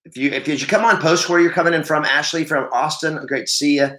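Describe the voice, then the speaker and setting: Guy chatting on a morning live stream, bright voice, rambles a bit, echoey room. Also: fairly high pitch, steady tone, brisk. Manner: rambling, self-correcting, greets viewers by name. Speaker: livestream host and real estate trainer. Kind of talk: casual live stream chat. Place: home training room.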